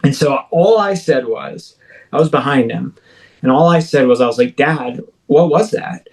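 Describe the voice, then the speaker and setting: This expressive, mid-range male voice has a darkish tone and moves at a normal speed, captured in low-quality audio. He's in his thirties and, as an interview guest, tells a personal story vividly with frequent stops and restarts.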